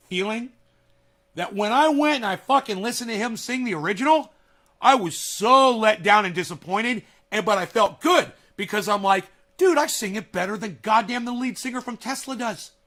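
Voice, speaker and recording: A man vlogging from home in a casual, rambling monologue, telling a story excitably and swearing often. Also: high voice. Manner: animated, profane, excitable storytelling. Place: at home, near a kitchen.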